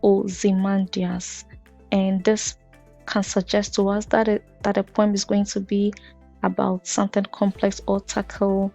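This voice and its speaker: A woman teaching a poetry lesson for exam students, explaining step by step in a measured way with occasional fillers. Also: medium pitch, monotone, creaky, warm tone. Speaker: literature teacher. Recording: dull lo-fi audio with faint music.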